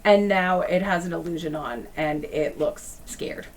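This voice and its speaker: A woman narrating a tabletop game as game master, unhurried and plain. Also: lowish voice.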